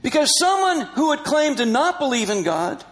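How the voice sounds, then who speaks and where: Older man, very high voice, animated storyteller who laughs often, missionary. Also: normal speed, low-quality recording. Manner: animated, laughing often, acting out quoted dialogue. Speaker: Christian missionary. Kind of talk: personal storytelling in conversation.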